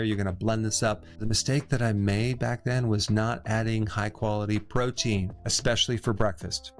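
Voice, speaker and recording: A middle-aged man hosting a health explainer, speaking to the camera in a conversational, emphatic way with quick "right?" asides and touches of sarcasm. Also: fairly low pitch. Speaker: health educator host. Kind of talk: direct-to-camera explainer monologue.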